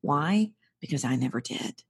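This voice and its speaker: A woman's voice: sits low, expressive, moderate pace, creaky, husky. A middle-aged woman hosting a podcast, giving earnest, emphatic parenting advice in a coaching monologue.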